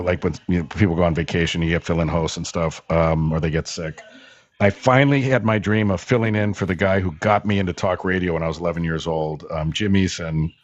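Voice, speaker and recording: A man's voice: low-pitched, no echo, muffled recording. A man, a former radio host, telling long rambling anecdotes with many fillers as a guest on a call-in show. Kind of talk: casual storytelling in a call-in show.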